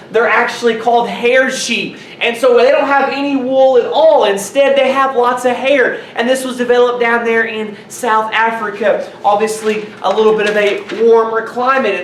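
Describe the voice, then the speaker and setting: Man doing a nerdy clumsy reporter, excitable, roomy echo, distant mic. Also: high voice, a little hiss or hum. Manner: excitable, animated explainer.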